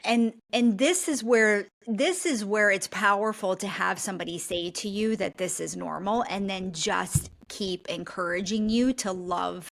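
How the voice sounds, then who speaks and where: Gravelly-voiced woman guest coach. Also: mid-range voice, a little slow, few pauses, fairly bright tone. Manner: earnest, reflective, often tags "right?". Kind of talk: conversational podcast interview.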